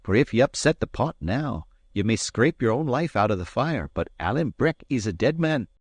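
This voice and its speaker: A man reading an audiobook, voicing a cunning rogue who speaks in gruff, forceful bursts. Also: mid-range voice, expressive, normal speed, no room sound, pitched above the performer's own voice. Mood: sly. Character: roguish Scottish Highland man, fierce and cunning. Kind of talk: audiobook character voice.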